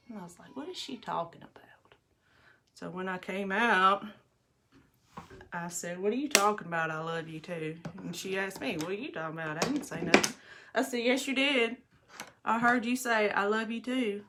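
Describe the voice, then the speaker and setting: A woman's voice: mid-range voice, a bit bright. A middle-aged woman, telling stories in a rambling, chatty way to viewers while doing her makeup at home. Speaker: livestream host. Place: bathroom at home.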